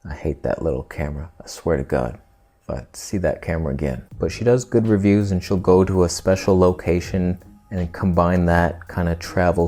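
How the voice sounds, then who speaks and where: Sarcastic low-voiced man roasting. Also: mellow. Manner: sarcastic, mocking, with mock impressions. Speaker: YouTube host. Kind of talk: comedic roast monologue.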